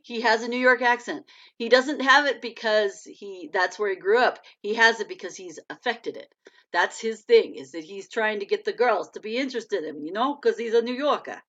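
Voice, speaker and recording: A woman's voice: mid-range voice, a bit bright. Chatty woman author on a lo-fi live stream. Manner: chatty, laughs often, reads viewer comments aloud. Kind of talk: casual live-stream chat. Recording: dull lo-fi stream audio.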